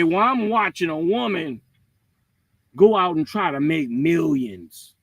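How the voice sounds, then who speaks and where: A man with a high, bright voice rants on a livestream. He is blunt, profane and mocking, and his pitch swings widely. The sound is dry and close. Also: vocal fry, no echo, poor audio. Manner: lively, with swings between loud and quiet. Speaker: livestream host. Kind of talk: heated livestream rant.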